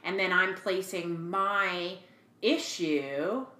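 A woman's voice: on the low side, very slow, roomy sound. A woman in her forties co-hosting a podcast, chatting casually and animatedly, with lots of fillers. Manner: chatty, animated retelling with fillers and quoted voices. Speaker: podcast co-host. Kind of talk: casual chat.

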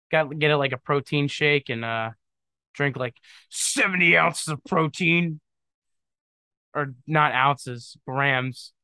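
A man hosts a solo podcast, rambling through jokey opinions and often saying "dude". His voice is bright and clean. It is recorded dry and close. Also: medium pitch, clear, resonant tone, dry recording. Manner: trails off into mumbling asides. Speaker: podcast host. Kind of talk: casual solo monologue.

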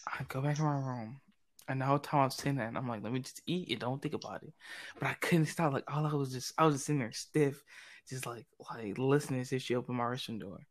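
A man's voice: mid-range voice, fast. A young man, telling a story in casual chat with friends, acting out the quotes with lots of "I'm like.".

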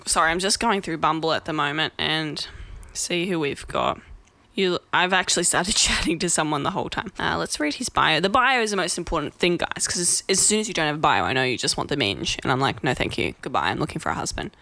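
A woman's voice: low voice, expressive, a little fast, pushed and bright, dry recording. A woman, a bit drunk and rambling in a chatty, self-deprecating way as she hosts a casual vlog. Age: 20s. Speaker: vlog host. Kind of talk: casual tipsy rant to camera.

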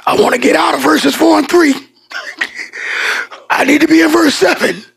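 A male pastor delivers a sermon in a very high voice thick with gravelly fry, keeping a steady tone. He preaches emphatically, shifting between hushed tones and shouts, slowing to stretch key words, and tosses casual joking asides to the congregation.

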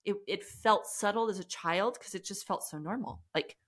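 A woman's voice: medium pitch, normal speed, a bit bright. A woman speaking as a podcast guest and trauma coach, earnest and reflective, often restarting her sentences in candid conversation.

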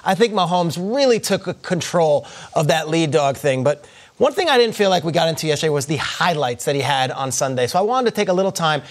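A man breaking down football highlights on a morning show, earnestly pointing out angles and details. His voice sits notably high for a man. He keeps an even, explanatory delivery. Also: a little fast. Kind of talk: sports highlight analysis.

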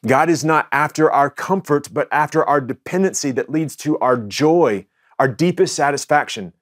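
A man's voice: fairly high pitch, normal speed, no echo, studio quality. A man preaching a sermon as the pastor, in a conversational style with frequent restarts and asides to the congregation.

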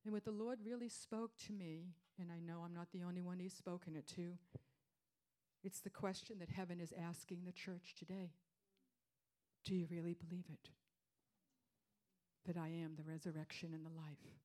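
A woman preaching a sermon, repeating her phrases for emphasis and dropping into hushed whispers before rising to loud declarations. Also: fairly low pitch, steady tone, moderate pace, pauses often.

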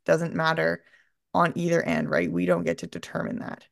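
A woman's voice: low-pitched, big pitch swings, normal speed, creaky, no room sound, studio quality. A woman hosting a podcast, speaking in an earnest, reflective way in a casual chat. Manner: earnest, reflective, retelling stories. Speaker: podcast host.

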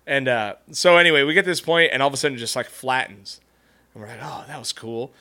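Man, podcast host, bright forceful voice, swears a lot, casual storytelling. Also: medium pitch, quick pace. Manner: profane, storytelling, laughs often.

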